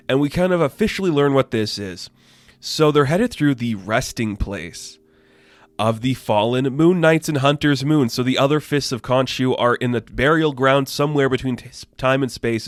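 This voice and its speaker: A man giving a casual, excited comic book review, talking loosely and swearing freely. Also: medium pitch, no room sound.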